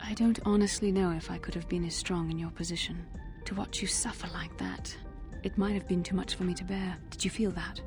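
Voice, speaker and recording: A woman's voice: lowish voice, steady tone, a little fast, hardly any pauses, close to an everyday voice. A woman voicing a solemn young Jedi. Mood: grave. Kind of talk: video game voice acting. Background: game music.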